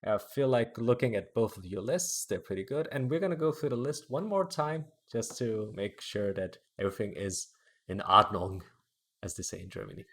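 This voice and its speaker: A man's voice: on the low side, moderate pace. A man hosting a casual podcast, chatting loosely with fillers and frequent laughter. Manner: laughing, lively, rambling with fillers. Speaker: podcast host.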